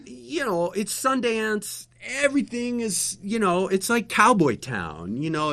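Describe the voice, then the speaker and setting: A man telling long anecdotes in a casual chat, rambling and animated with lots of fillers and restarts. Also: sits high. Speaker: guest telling stories, former local TV interviewer.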